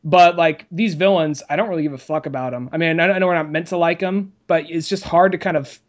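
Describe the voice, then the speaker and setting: A man co-hosting a podcast in relaxed casual chat, heavy on fillers and casually profane. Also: on the high side, quick pace, dull audio. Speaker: podcast co-host.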